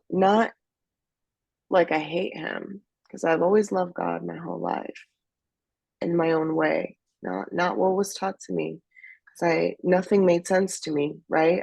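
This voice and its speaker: Gravelly low-voiced woman from Afghanistan. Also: darkish tone, no echo. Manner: candid, emotional, halting with restarts. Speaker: interview guest. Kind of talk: personal testimony storytelling.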